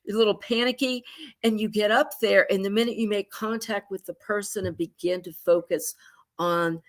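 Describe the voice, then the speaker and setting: A woman psychotherapist explaining moods in a relaxed conversation, acting out her clients' thoughts with sighs and quick asides over a video call. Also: mid-range voice. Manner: animated, acts out clients' inner voices with sighs. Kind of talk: conversational explanation with acted-out examples.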